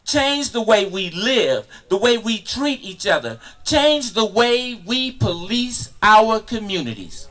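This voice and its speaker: A man performing a spoken word poem at an outdoor park gathering, rhythmic and impassioned, rising at times to shouts. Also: sits high, very animated, slow, few pauses, rough recording.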